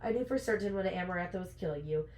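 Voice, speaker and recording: A powerful, brooding high lord confesses what he has long kept hidden, as a woman reads his lines from a novel. The voice is pitched a little lower than a plain reading. The room is roomy and echoing. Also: animated, quick pace, darkish tone, close to an everyday voice. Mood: pained. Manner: read aloud from a novel. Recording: roomy echo.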